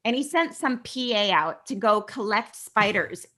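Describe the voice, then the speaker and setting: A middle-aged woman from California, a guest actress, chatting casually and telling stories in an animated way, acting out quoted dialogue. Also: medium pitch, measured pace. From California, USA. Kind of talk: casual interview storytelling.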